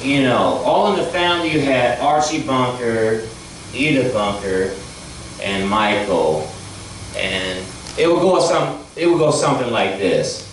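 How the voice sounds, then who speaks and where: A man's voice: medium pitch, expressive, unhurried, slight background noise. A man doing rambling stand-up comedy as a talent show contestant on a large stage. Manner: rambling, loose and playful. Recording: echoey stage from far off.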